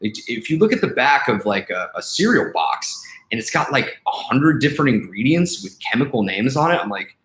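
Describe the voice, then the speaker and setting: A man's voice: mid-range voice, very animated, a little fast, fairly bright tone. A young man ranting casually to camera, blunt and profane, full of fillers and exasperation. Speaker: vlogger and life coach. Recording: echoey room.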